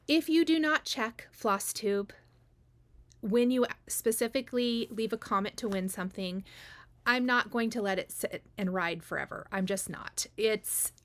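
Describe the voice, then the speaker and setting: Chatty woman vlogger, slightly high voice. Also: a bit bright. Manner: chatty, frank, with frequent ums and restarts. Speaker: cross stitch vlogger. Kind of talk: casual chat announcing giveaway winners.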